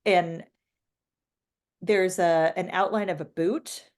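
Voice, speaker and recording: A woman's voice: on the low side, fairly even intonation, slow pace, a little mellow. An American woman co-hosting a podcast in casual, playful chat. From United States. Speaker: podcast co-host.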